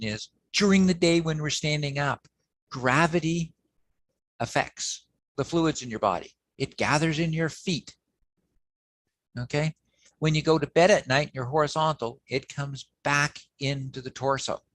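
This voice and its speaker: A man giving an academic lecture in a relaxed, conversational way, often pausing with "um" and checking in with "okay" as he explains slides. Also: medium pitch, slight background noise. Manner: conversational, frequent "okay" and "um" fillers, self-corrections.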